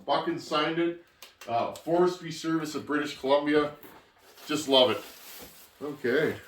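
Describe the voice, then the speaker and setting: A man's voice: on the high side, unhurried, echoey room, recorded from a distance, slight background noise. A Canadian man hosting a chainsaw channel, chatting casually to viewers as friends while he opens packages, with rambling restarts. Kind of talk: casual vlog, opening mail.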